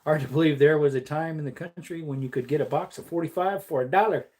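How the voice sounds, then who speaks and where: A woman's voice: low-pitched, fast, darkish tone. A woman chatting casually on a livestream while reloading ammunition, playful and laughing often. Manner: playful, laughs often, slips into silly voices.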